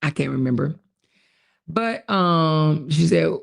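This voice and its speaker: A woman hosts a casual livestream, reading viewer comments and reacting to them bluntly, with plenty of swearing. Her voice has a rough, gravelly edge. She laughs a lot and drifts off mid-thought. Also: deep voice, takes it slowly. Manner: blunt and profane, laughing often, loses her train of thought. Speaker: livestream host.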